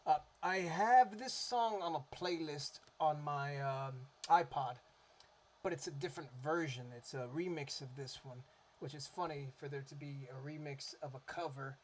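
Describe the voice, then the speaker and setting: A man's voice: on the high side, moderate pace, slight background noise. Chatty man rambling into a mic. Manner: rambling, relaxed, many fillers and restarts. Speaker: music vlogger. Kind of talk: casual chat about favourite cover songs. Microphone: desktop microphone.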